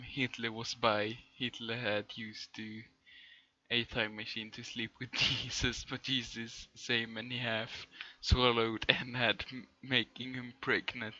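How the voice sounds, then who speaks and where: A man reading fan fiction on a live stream with a bright, forceful tone. He takes it slowly and deadpan, repeatedly breaking into laughter. The sound is dull and lo-fi. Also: medium pitch.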